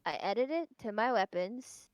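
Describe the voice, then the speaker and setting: A woman's voice: a little high, lively intonation, measured pace, dry recording. A young woman playing a tabletop game on a call, hesitant and giggly, thinking aloud over her moves. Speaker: player. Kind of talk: casual game chat.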